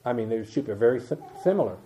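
An older man preaching an evening sermon, reading scripture slowly with emphasis and dropping into quiet asides. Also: medium pitch, animated. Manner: reads King James verses slowly and with emphasis, asides in a dropped voice. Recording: dull lo-fi church recording.

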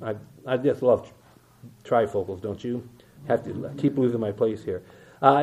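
Older preacher with a dull lo-fi sound. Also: male voice, mid-range voice, a little mellow. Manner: reads King James verses slowly and with emphasis, asides in a dropped voice. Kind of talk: evening sermon reading scripture. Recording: dull lo-fi church recording.

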